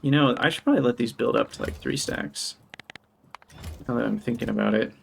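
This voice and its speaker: Male live streamer with some vocal fry, mid-pitched, talks through his plans and greets chat cheerfully. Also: a little fast, a little hiss or hum. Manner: thinks aloud while planning, brightens to greet chat. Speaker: game streamer. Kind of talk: live gameplay commentary.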